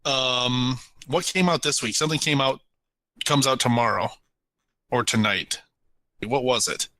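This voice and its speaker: A young man co-hosting a podcast, animated and laughing often in casual chat. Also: mid-range voice, measured pace, rough recording. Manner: animated, laughs a lot, jumps into mock voices. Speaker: podcast co-host.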